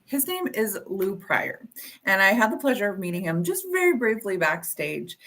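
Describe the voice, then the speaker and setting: A woman's voice: mid-range voice, big pitch swings, normal speed, a bit bright, a little hiss or hum. Chatty Canadian woman host. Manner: chatty, laughs often. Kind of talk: casual chat.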